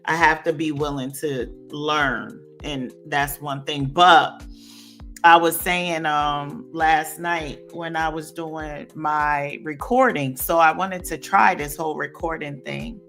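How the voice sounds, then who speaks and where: A woman co-hosting a casual livestream chat, speaking bluntly and candidly, getting animated when she makes a point. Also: sits low, takes it slowly, soft background music. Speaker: guest co-host.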